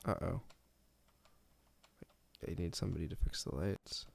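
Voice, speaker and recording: A man's voice: low-pitched, steady tone, a little slow, gravelly. A man streaming a party game, talking casually with other players about who to trust. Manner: hums a theme tune while playing. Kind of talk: casual gameplay chat.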